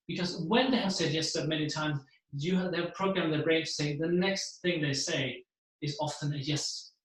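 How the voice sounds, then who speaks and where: A man gives a motivational keynote talk to an audience. He speaks in an animated way and acts out the voices he describes. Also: on the high side, normal speed. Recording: very echoey room.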